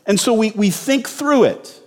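A man's voice: high-pitched, expressive, unhurried, darkish tone, big-room sound. A male pastor preaching a sermon in a conversational, storytelling way with sudden bursts of emphasis.

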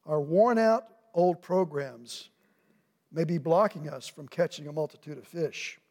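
High-voiced man preaching in a reverberant church. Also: unhurried. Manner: animated, acts out voices of people in the story. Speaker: pastor. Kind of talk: sermon. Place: church sanctuary. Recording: long reverb of a church hall.

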